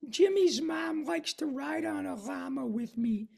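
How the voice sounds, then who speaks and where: A man's voice: gravelly, darkish tone, exaggerated voice. Carl Wheezer, a nerdy cartoon boy. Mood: dreamy. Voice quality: high, nerdy, with a throaty lazy L. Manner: very slow, drawn-out speech. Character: weird little nerdy cartoon boy, slow-talking, lazy L. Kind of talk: cartoon character demonstration.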